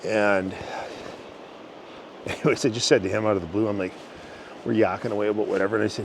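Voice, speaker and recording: Easygoing man, lowish voice, outdoors. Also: vocal fry. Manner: easygoing, halting, many restarts. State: out of breath. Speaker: channel host. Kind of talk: casual rambling talk to camera. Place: outdoors in a forest by a river, walking uphill. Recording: outdoor recording with steady background noise.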